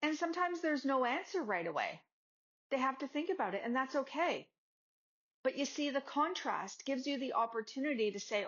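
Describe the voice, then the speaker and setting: A woman's voice: high-pitched, lively intonation, normal speed, a bit bright. A woman yoga teacher and podcast host giving a casual motivational talk, chatty and acting out little dialogues with her students. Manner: conversational, acts out dialogues with students. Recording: slightly dull lo-fi audio.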